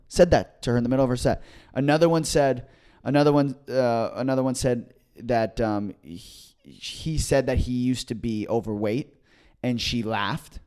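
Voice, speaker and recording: A man's voice: medium pitch, a little mellow, clear, resonant tone. A young man co-hosts a comedy podcast and tells long, rambling stories from his gigs. He circles back with fillers and restarts. When he quotes people, he acts them out. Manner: rambling storyteller who acts out what others said. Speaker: stand-up comedian and podcast co-host. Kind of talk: casual comedy podcast chat.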